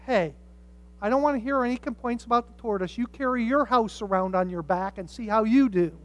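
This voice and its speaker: A pastor preaching a sermon, telling stories with humorous asides and swinging from quiet reflection to loud emphasis. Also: medium pitch, a little fast. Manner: animated storytelling with humorous asides.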